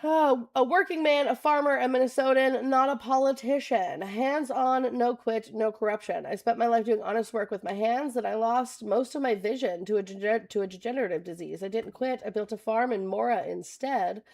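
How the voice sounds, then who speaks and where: Brief: young woman streamer, chatty and giggly, a touch high-pitched, thanks chat by name and reads pages aloud. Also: moderate pace, gravelly, hardly any pauses. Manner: chatty, laughs often, thanks viewers by name. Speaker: political livestream host. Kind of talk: casual livestream chat.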